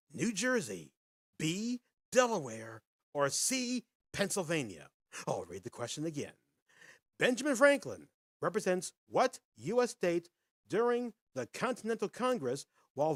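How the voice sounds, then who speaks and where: A man hosting a casual live podcast, chatting with viewers in a folksy, animated way and reading quiz questions. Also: a little high, a little slow, no echo, clean studio sound. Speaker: podcast host.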